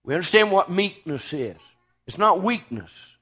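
A man preaching a sermon, swinging from loud, fervent declaiming to hushed, quiet lines. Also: high-pitched, very animated, normal speed.

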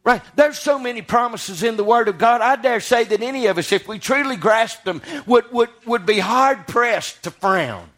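A man's voice: very high voice, normal speed, hardly any pauses, a bit bright. A man preaching a sermon in a church, rising to fervent passages and putting questions to his congregation.

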